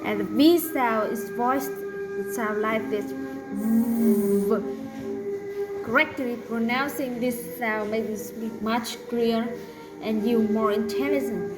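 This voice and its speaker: A woman teaching a pronunciation lesson, saying each example word slowly and carefully. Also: fairly high pitch, loud music behind the voice, poor audio. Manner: slow, deliberate, drawn-out example words.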